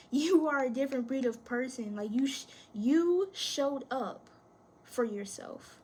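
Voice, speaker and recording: Woman doing a tarot reading on cam, kinda high voice, talks right to you, encouraging, faint noise behind. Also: slow. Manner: warm, encouraging, speaks directly to the viewer; thinks aloud while pulling cards. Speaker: tarot reader.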